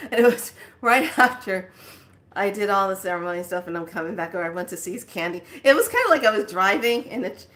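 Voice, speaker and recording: A woman vlogger telling a casual story in an animated way, laughing often. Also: mid-range voice, fast talker, few pauses. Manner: animated, laughing, squeals in quoted lines. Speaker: spiritual vlogger.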